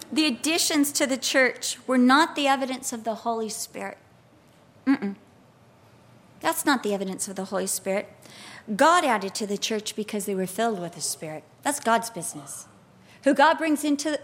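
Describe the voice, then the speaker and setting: High-voiced animated woman preaching. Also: normal speed. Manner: animated, expressive storytelling with acted-out quotes. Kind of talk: sermon.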